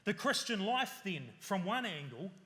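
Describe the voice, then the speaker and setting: Bright high-voiced male preacher in reverb. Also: very animated, measured pace. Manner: earnest preaching with repeated lists and rhetorical questions. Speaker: pastor. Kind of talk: sermon.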